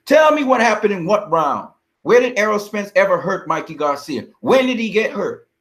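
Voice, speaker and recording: A fired-up man with a slightly higher-pitched voice, swearing hard as he rants about a fight. He talks confrontationally, hurling insults and firing off questions at his critics in blunt commentary. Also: big pitch swings, moderate pace, fairly bright tone. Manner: heated, profane, confrontational. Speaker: boxing vlogger.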